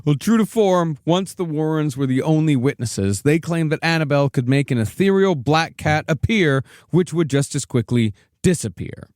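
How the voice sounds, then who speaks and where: Brief: male podcast narrator, slightly higher voice, wry storytelling, dry sound. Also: animated, normal speed, few pauses, darkish tone, no echo.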